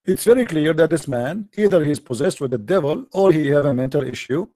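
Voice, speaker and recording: Man, taunting debate host, dark mellow tone, dry close sound. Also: on the high side, expressive, brisk, no echo. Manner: mocking, taunting, repetitive rhetorical questions. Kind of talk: confrontational live-stream debate.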